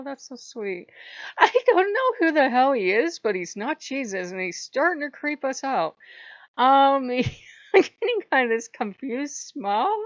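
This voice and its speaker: A woman's voice: mid-range voice, no echo, dull audio. A woman vlogging casually about her spiritual practice, rambling and irreverent, laughing often. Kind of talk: casual monologue to camera.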